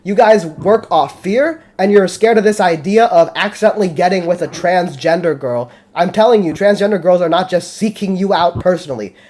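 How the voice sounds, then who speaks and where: A man's voice: high voice, normal speed, hardly any pauses, a little mellow. A male host of a live call-in debate stream, arguing bluntly and heatedly with frequent swearing.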